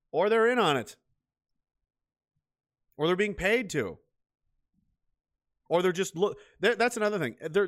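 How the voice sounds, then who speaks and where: In a mid-range, fairly bright voice, a man vlogs a heated monologue full of bitterness and profanity. He keeps circling back and repeating himself.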